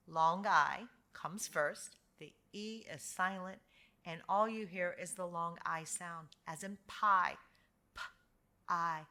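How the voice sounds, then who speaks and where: An American woman teaching a slow, encouraging phonics pronunciation lesson, drawing out each sound for learners to repeat. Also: lowish voice, pushed and bright. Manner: drawn-out modeling of sounds, encouraging.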